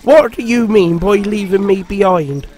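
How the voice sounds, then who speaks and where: A man's voice: sits high, takes it slowly, pitched above the performer's own voice. A man doing an indignant refreshment lady. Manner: scolding, demanding.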